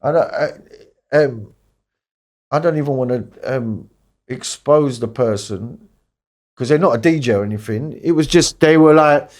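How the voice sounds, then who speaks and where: A middle-aged man from East London, England, speaks as a DJ guest on a candid podcast interview, his medium-pitched, slightly mellow voice unhurried and full of pauses. He's blunt, swears freely, and mimics other people when quoting them.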